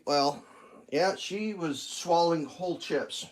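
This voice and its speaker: A man's voice: on the high side, moderate pace. A man vlogging casually while cooking in his home kitchen, rambling and chatting with his dog.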